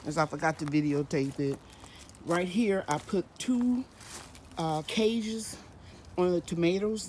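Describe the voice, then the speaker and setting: A woman's voice: on the low side, a little mellow, slight background noise, poor audio. A woman hosting a gardening vlog outdoors in her home garden, chatting and explaining each step as she works. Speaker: gardening channel host. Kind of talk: casual vlog narration.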